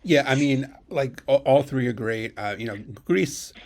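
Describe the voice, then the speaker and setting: A man hosting an interview, talking casually and haltingly with many fillers. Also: medium pitch, expressive, a little mellow. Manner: hesitant, filler-heavy. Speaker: podcast host.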